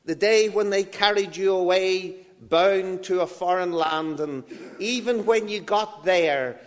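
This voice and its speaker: A man's voice: sits high, unhurried. A man preaching a sermon in a church, reading scripture and dramatically acting out the voices of biblical figures. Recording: long reverb of a large hall.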